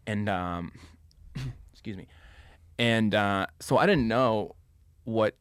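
Podcast guest, man in his thirties, very low voice, dry close mic, rambling anecdote with fillers. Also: slow, fairly bright tone, clear, resonant tone, dry recording. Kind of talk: casual storytelling.

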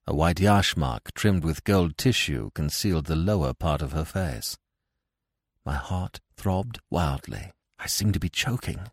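A man narrating a classic novel in expressive, dramatic storytelling style for a podcast. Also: extremely low pitch, measured pace, husky, no echo, studio quality.

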